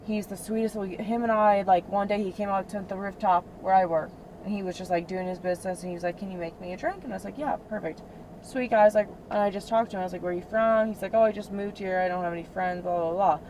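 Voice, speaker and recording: Young woman, twenties, rideshare passenger, heated profane venting, mid-pitched voice, in-car camera, faint road hum. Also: fairly even intonation, quick pace, a little mellow, rough recording. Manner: heated, profane, filler-heavy talk. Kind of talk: casual venting chat. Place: inside a moving car. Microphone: in-car cabin camera. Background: faint vehicle road noise.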